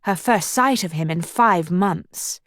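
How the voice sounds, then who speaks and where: A woman narrating an audiobook in measured, even storytelling, recorded on a studio microphone. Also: lowish voice, no echo. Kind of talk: scripted narration.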